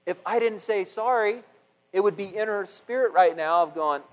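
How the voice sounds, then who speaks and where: A middle-aged pastor preaching a sermon with a voice pitched a little high for a man. He is animated, repeats and restarts words, and swings between loud passages and hushed ones. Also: moderate pace, in a large hall, poor audio.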